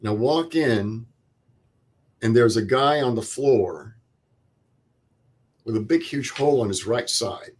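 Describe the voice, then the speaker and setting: An older man, a veteran guest in an interview, retelling a night in combat in plain, vivid words with quoted dialogue and pauses. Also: mid-range voice, breathy edge. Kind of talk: interview storytelling.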